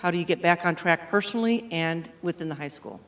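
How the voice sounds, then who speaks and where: A male high school teacher poses a question to students from the audience. He sounds encouraging and feels his way through the phrasing. His voice sits somewhat high for a man. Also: quick pace, a bit bright. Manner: encouraging, searching for words.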